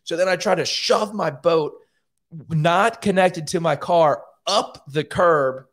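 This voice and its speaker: A man's voice: a little high, slow pace, a bit bright. A man hosting a podcast, telling a story in a casual, profane and self-mocking way. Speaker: podcast host.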